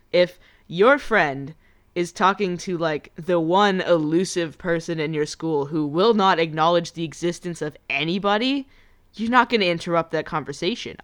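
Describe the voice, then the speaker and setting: A woman chats through a movie plot in a relaxed, playful way, acting out the characters' lines as she goes. Her voice is smooth and clear, pitched a little low. She sounds like one of several friends talking together. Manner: chatty, playful, acts out quotes in voices. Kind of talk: casual chat recapping a movie.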